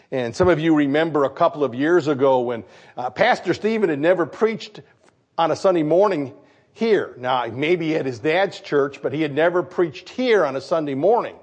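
A man from Michigan, a pastor preaching a sermon, animated and putting questions to his congregation. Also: medium pitch. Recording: dull lo-fi recording.

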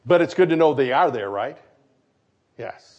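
A man from Michigan, a pastor preaching a sermon, animated and putting questions to his congregation. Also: mid-range voice, moderate pace. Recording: dull lo-fi recording.

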